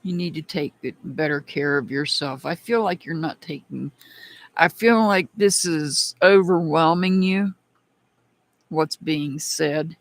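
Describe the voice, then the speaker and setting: A tarot reader hosts a casual live-stream reading with a slow, unhurried delivery. The voice carries a gravelly rasp throughout. The reader talks chattily and calls out viewers by name. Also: medium pitch.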